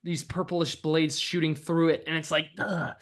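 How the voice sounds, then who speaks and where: A man's voice: fairly high pitch, flat delivery. A man running a tabletop game as dungeon master, casual and playful in his narration. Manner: casual, playful, fast asides.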